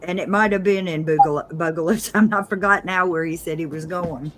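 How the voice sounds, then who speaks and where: A woman co-hosting a casual livestream chat, relaxed and chuckling now and then. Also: fairly low pitch, fairly quick.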